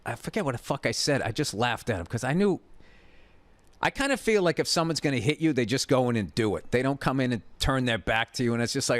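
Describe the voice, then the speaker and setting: A middle-aged man, a comedian host, telling a story in a profane, exasperated, animated rant. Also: mid-range voice, fairly quick, no echo.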